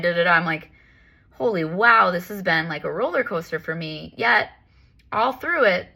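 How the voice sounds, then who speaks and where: A woman's voice: on the low side, pushed and bright. A woman talking candidly as a life coach and yoga teacher, rambling with lots of fillers. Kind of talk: casual spiritual talk.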